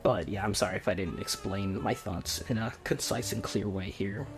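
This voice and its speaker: A young man in his twenties talking quietly and off the cuff, with a monotone voice, often restarting his sentences. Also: on the low side, moderate pace, over music. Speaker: video essayist. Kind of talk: unscripted video essay. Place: home room with roommates nearby.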